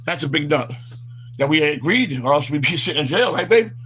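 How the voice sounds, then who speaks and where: A man's voice: on the high side, animated, fairly quick, a bit bright, soft background music. A man hosting a walk-and-talk vlog outdoors, rambling with lots of fillers and stammered repeats, recorded on a handheld phone. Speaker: vlog host.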